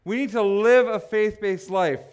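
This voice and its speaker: A man preaching a sermon, building to passionate shouts and breaking off for joking asides. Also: high voice, a little slow, clear, resonant tone. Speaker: pastor.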